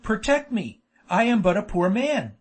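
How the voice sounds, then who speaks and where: A man's voice: high voice, sing-song, normal speed, fairly bright tone, husky, exaggerated voice. A man doing a shrieking, whining old trader. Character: old male Jewish trader, miserly and fearful.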